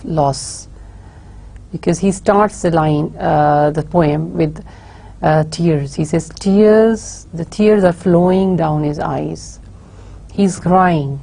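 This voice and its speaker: Slow, husky woman lecturing. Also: deep voice, warm tone. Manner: slow, halting explanation with frequent "uh" fillers and restarts. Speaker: university lecturer. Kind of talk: recorded lecture.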